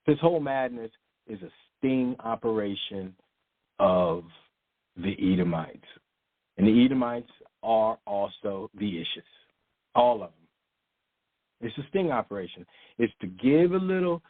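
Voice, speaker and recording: A man preaches in an emphatic, informal way and reads scripture aloud to his channel. His voice is husky and sits at an ordinary male pitch. The sound is dry and narrow, like a phone call. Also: no echo. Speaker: online teacher of a channel. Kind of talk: sermon with scripture reading.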